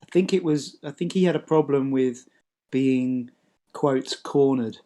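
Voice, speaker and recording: A man calling into a debate, with a mid-pitched voice. He speaks hesitantly and stumbles over words, and his tone stays conciliatory. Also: a little slow, warm tone. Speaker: caller. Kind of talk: casual debate call.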